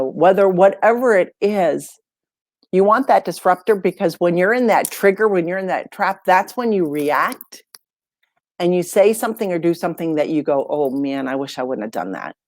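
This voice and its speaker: A woman, a life coach and podcast guest, tells stories in a relaxed, conversational way and acts out the lines of the people in them. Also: fairly low pitch, normal speed, dry recording, studio quality. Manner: lively storyteller who acts out dialogue. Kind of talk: casual podcast storytelling.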